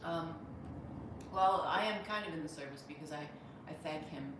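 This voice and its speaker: A woman comedian from Pittsburgh hosts a casual livestream, rambling chattily between viewer comments she reads out, with many restarts. Her voice sits low at normal speed, heard through a distant mic in a very echoey room with a faint hum.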